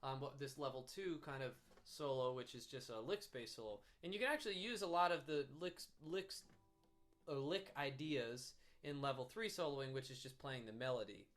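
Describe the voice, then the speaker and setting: A man giving a relaxed music lesson, explaining soloing with fillers and now and then humming or singing a snippet. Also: mid-range voice, normal speed. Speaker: music teacher. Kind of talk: casual instrument lesson. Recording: faint guitar music behind.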